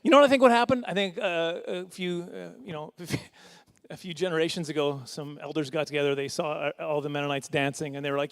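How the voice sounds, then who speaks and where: Here the middle-aged comic's voice is fairly high and gravelly, with fairly even intonation. He rambles through a self-mocking stand-up bit at a fundraising dinner, slipping in quick asides and laughs.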